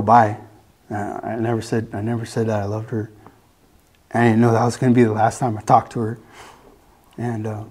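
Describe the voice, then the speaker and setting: A man giving a personal faith testimony, earnest and halting, often restarting his sentences. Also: lowish voice, darkish tone.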